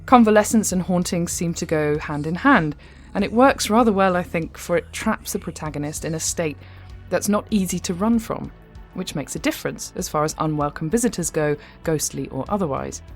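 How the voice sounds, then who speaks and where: A woman's voice: lowish voice, expressive, moderate pace, hardly any pauses, soft background music. Wry English woman hosting a podcast. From England. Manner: wry, conversational, lightly humorous. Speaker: podcast host. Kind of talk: reflective commentary after a story.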